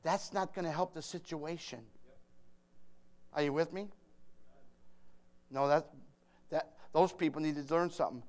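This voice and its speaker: A man delivers a sermon in a fairly high voice. He is emphatic, rising from quiet asides to shouted bursts and trading jokes with the congregation. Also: fairly even intonation, measured pace, long pauses. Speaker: preacher.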